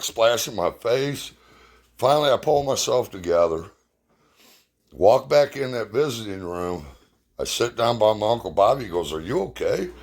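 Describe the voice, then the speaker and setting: Deep-voiced man telling a blunt personal story. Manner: blunt, emotional, swears freely.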